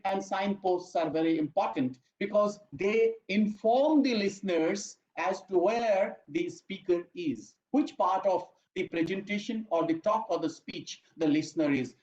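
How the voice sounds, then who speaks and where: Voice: mid-range voice, moderate pace, hardly any pauses, darkish tone. A lecturer gives an online training talk. The delivery is emphatic, repeats key phrases and keeps addressing the listeners as "my dear friends.". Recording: echoey room, dull lo-fi audio.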